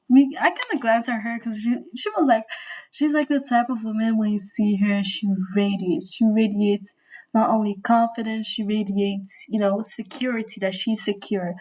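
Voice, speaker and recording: Young woman vlogger, slightly high voice, chatty storytime, gushing and rambling with lots of fillers. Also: mellow. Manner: rambling, gushing, full of "you know" and "like". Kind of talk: casual storytime chat. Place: indoors at home by a window.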